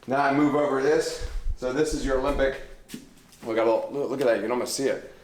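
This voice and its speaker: A man's voice: mid-range voice, fairly even intonation, fast, slight background noise. A man, a fitness trainer, coaching a workout in his home gym, counting reps and cueing form as he lifts. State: out of breath. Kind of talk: workout instruction. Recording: roomy echo, music behind.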